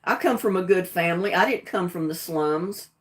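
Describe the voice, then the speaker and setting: A woman's voice: on the low side, normal speed. A middle-aged woman with a Southern US accent, talking plainly and defiantly on her own livestream. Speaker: livestream host. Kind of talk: casual livestream talk.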